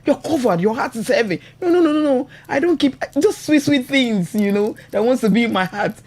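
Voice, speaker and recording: A woman's voice: fairly high pitch, expressive, fairly quick, a little mellow, slightly rough. A Nigerian woman hosting a radio talk show. She speaks with feeling and laughs often, checking in with "you understand?" as she goes. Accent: Nigerian English. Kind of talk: casual radio talk about marriage. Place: radio studio.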